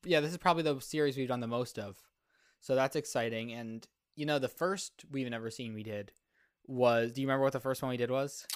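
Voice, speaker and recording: A young man hosts a casual movie podcast on a close microphone, joking about himself and wandering through his points with plenty of restarts. His voice sits at an ordinary middle pitch. The sound is dry and close. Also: fairly quick, smooth, dry recording. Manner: joking, self-deprecating, rambling with restarts. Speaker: podcast host. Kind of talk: casual chat.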